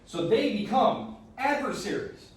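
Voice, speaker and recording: A man giving a casual history lecture in a classroom, joking and acting out countries in quick asides. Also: high-pitched, expressive. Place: lecture hall. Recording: very echoey hall, recorded from a distance.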